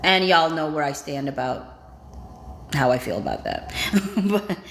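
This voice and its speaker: A woman with a somewhat low voice runs a casual livestream, reading viewer comments aloud one after another. She adds quick, chatty reactions between them. Her voice carries a roomy echo from the space around the mic. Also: sing-song, gravelly, a little hiss or hum. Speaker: livestream host. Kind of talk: casual live-chat reading.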